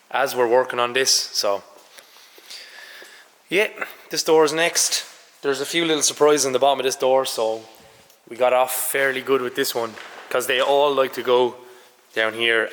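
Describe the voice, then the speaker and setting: A man chatting casually through a car restoration vlog, his voice a bit hoarse, matter-of-fact with some swearing. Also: mid-range voice, fairly bright tone, in a large hall. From Ireland. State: hoarse, says he lost his voice. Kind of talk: casual workshop vlog narration. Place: large garage workshop, indoors.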